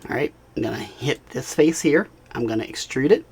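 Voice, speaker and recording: A man narrating a software tutorial screencast, talking casually as he clicks through steps and checking in with the viewer. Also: mid-range voice, expressive, a little fast, slightly rough. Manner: casual, talks while clicking, frequent "all right" and "right?". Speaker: instructor.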